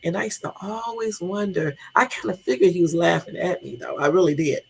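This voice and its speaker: A woman's voice: lowish voice, a little fast, gravelly, slightly rough, rough recording. A middle-aged woman livestreaming casual chat to viewers, rambling and joking, laughing often. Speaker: livestream host.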